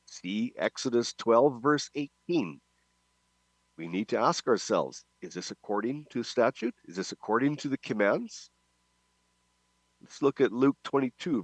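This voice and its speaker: A man's voice: mid-range voice, no room sound. A man narrating a Bible study lesson, reading verses and emphatically pointing out details. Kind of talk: scripted teaching narration.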